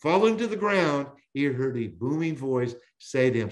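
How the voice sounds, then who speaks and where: A man teaching the Bible as a podcast guest, with an emphatic preaching cadence, slowing on key words and often restarting phrases. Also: mid-range voice, sing-song.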